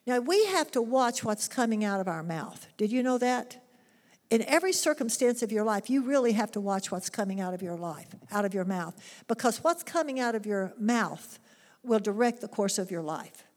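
Woman preacher, earnest and emphatic, higher voice, long echo of a hall. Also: expressive, moderate pace, darkish tone. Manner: earnest, emphatic, rhetorical questions. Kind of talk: sermon.

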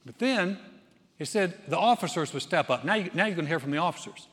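A man preaching a sermon, telling a story with acted-out voices and swinging from loud to hushed. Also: a little high, animated, fairly quick, husky. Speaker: pastor. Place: large church sanctuary. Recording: long hall reverb.

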